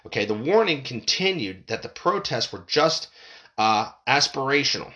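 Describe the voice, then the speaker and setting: Mid-range in pitch but swinging widely, this man's sharp-toned voice moves at a moderate clip. As a podcast host, he reads the news out loud, then breaks into angry rants full of profanity, stammering and repeating himself when riled up.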